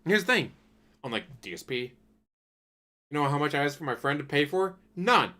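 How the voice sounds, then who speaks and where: A man hosting a reaction channel, telling casual stories in a relaxed, profane way on a desk microphone. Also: fairly high pitch, a little fast. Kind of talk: casual anecdotal commentary. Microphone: desk USB microphone.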